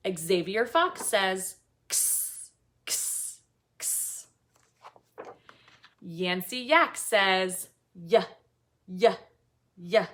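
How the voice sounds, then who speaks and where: A woman teaching an online lesson to young children, slow and sing-song in a teacherly way. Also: fairly high pitch, a bit bright.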